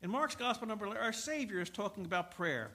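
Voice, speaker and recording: A man preaching in a church, high-pitched, telling a personal story and slipping in jokes along the way. His voice is bright and forceful, and it drops from loud preaching to soft confiding and back. He stumbles over words and repeats them when he gets going. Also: expressive, fast talker. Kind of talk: sermon.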